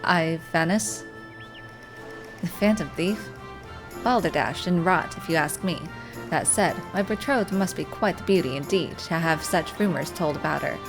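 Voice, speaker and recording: A woman's voice: fairly low pitch, measured pace, over music. A woman reading as a vain, pompous young nobleman. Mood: scornful. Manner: haughty, self-admiring drawl.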